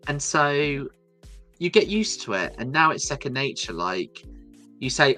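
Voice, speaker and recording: A man hosting a casual chat stream, talking in a soft, soothing voice, rambling and laughing often. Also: medium pitch, very animated, measured pace, faint music behind. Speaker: stream host.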